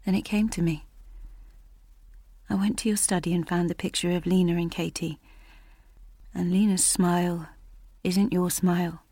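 Low-voiced woman narrating an audiobook. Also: fairly even intonation, normal speed, long pauses, mellow, dry recording. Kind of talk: first-person audiobook narration. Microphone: close studio mic.

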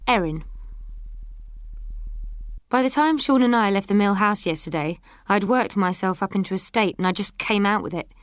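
A woman narrating an audiobook in the first person in a brisk, matter-of-fact way. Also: mid-range voice, no room sound, clean studio sound.

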